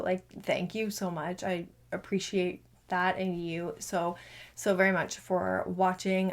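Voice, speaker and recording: Chatty young woman book vlogger. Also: medium pitch. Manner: chatty, rambling with frequent "like". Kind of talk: casual chat.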